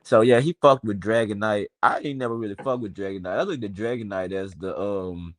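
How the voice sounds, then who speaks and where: Chatting casually on a stream, this Memphis man in his twenties speaks with a Southern accent, dropping profane slang and spinning long, rambling stories. His voice sits on the low side and moves a little fast.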